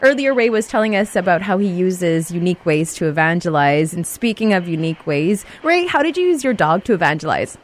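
A woman interviewer introducing the guest and asking measured, scripted questions. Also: on the low side, lively intonation.

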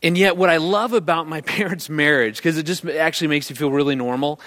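A middle-aged man giving a talk on marriage, telling a story to an audience and acting out the people in it with lively voices. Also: fairly high pitch, brisk. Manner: animated, acts out the people in his story.

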